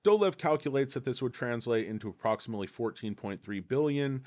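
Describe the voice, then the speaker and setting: A man's voice: mid-range voice, brisk, a little mellow. A man hosting casual stock commentary, reading an article aloud and rambling off into joking asides.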